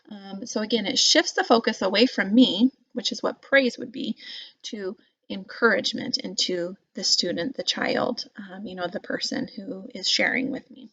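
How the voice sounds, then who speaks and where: A woman teacher explaining parenting advice in casual talk, with many fillers and animated example phrases. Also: mid-range voice, moderate pace, slightly rough, no room sound, muffled recording.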